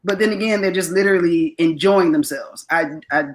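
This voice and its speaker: Woman, low-ish voice, hesitant and careful, casual podcast talk. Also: low-quality recording. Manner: halting, restarts while choosing words carefully. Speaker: podcast co-host.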